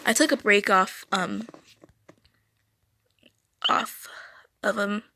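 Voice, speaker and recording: A woman's voice: mid-range voice, drawn-out words, bright, forceful tone, no room sound, clean studio sound. A teenage girl chatting casually while drawing on a livestream, rambling, stuttering and correcting herself often. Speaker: streamer. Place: home room.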